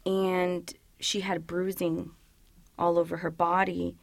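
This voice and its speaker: This policewoman, American with parents from El Salvador, gives casual, chatty interview answers full of "you know" and acted-out quotations. Her fairly low voice stays level and slow with vocal fry, and there's no room sound.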